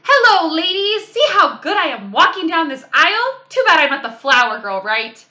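A woman voicing a chatty, bossy little girl of about six in a children's book read-aloud, loud and show-offy. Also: very high-pitched, sing-song, moderate pace, pitched above the performer's own voice, exaggerated voice. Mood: eager.

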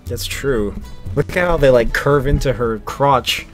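A man's voice: mid-range voice, unhurried, soft background music. A man hosting a let's play, giggling and teasing his friend in casual chat.

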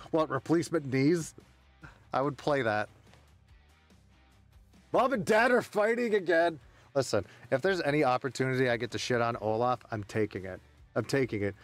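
A man's voice: medium pitch, no echo. A man streaming a game, chatting casually with friends, rowdy, joking and swearing a lot. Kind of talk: casual live-stream chat.

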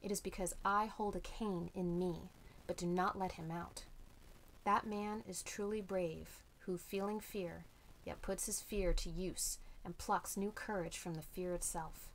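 A woman voicing a bold young male warrior hero, speaking slowly and emphatically, like an incantation. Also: fairly low pitch, fairly even intonation, a little hiss or hum, low-quality recording. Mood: defiant. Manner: slow, emphatic, incantatory delivery.

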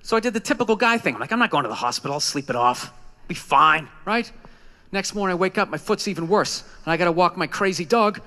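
A man's voice: sits high, expressive, quick pace, bright, forceful tone. A man doing a profane, ranting stand-up set on a club stage, acting out the voices in his stories. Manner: profane, ranting, acts out quotes. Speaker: stand-up comedian. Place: comedy club stage, live audience.

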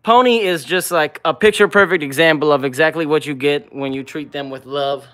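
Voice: mid-range voice, brisk, fairly bright tone. Affectionate pet livestream host. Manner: greets viewers by name and reads out chat comments; affectionate baby talk with the dogs. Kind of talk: casual livestream chat.

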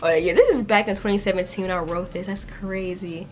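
A young woman casually reacting to and reading her old writing aloud, animated and slangy, with frequent laughter in her delivery. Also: mid-range voice, fairly quick, slight background noise. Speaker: YouTuber.

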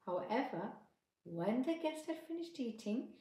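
A woman narrating a children's story in a clear, steady storytelling manner. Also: on the high side, measured pace. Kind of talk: children's story read-aloud. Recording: echoey room.

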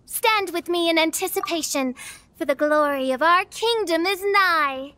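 A pompous princess of doom. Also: female voice, very high-pitched, a little slow, pushed and bright, dry recording, heavily acted. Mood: grandiose. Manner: archaic, pompous speech. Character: theatrical young princess who talks grandly. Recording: game audio with music behind.

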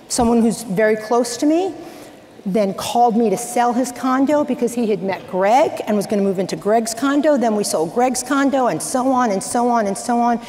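Woman coaching a crowd on stage, echoey hall. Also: on the high side. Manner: energetic, direct, tells anecdotes to the crowd. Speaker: real estate coach speaker. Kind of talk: stage talk to a live audience. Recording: echoey hall, faint background noise.

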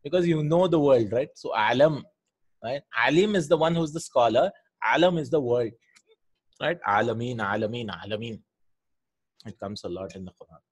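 Husky-voiced man teaching Arabic grammar. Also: mid-range voice, moderate pace. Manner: explains patiently, often asks "right?", repeats words. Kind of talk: Quranic Arabic grammar lesson.

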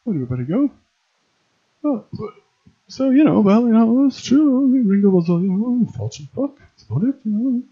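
A man voicing a crude, rambling male cartoon rock musician who swears constantly and fills every pause with filler words. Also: very high voice, sing-song, warm tone, breathy edge, highs cut off, heavily acted. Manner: foul-mouthed, rambling, full of filler words. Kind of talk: cartoon parody voice acting.

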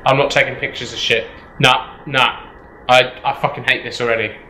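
A man's voice: medium pitch, flat delivery, moderate pace, bright, forceful tone, reverberant, a little hiss or hum, poor audio. A man commentating a horror game, jittery, swearing and repeating himself. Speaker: gameplay streamer.

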